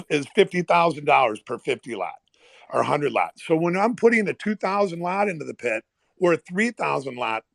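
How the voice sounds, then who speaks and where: A man, a former pit trader, telling animated stories in casual chat and acting out the people in them. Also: high-pitched, vocal fry, no room sound. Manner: animated, swearing, acts out quoted people. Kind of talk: casual storytelling. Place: online audio room.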